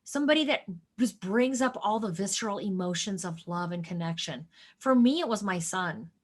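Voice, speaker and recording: A woman's voice: medium pitch, expressive, moderate pace. A woman in her forties, a doctor being interviewed, speaking with emotional, earnest storytelling. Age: 40s. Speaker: guest doctor. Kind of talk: conversational interview.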